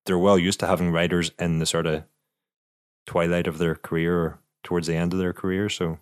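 A man with a very low voice talks cycling in an easy, conversational way. He's a former racer who thinks out loud, stumbling over repeated words before landing his point. The sound is close and dry. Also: little pitch movement, a little fast, no echo. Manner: thoughtful, repeats words while thinking aloud. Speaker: podcast co-host, former pro cyclist. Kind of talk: casual cycling chat.

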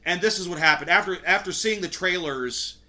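A man's voice: high voice, a little fast, sharp tone. A man hosting a podcast, chatting casually about a film and retelling its scenes. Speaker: podcast host. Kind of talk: casual movie review chat.

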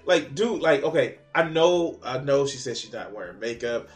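A man's voice: medium pitch, moderate pace, few pauses, faint music behind. A man commenting on a video clip, mocking and exasperated, swearing often. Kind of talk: profane reaction commentary.

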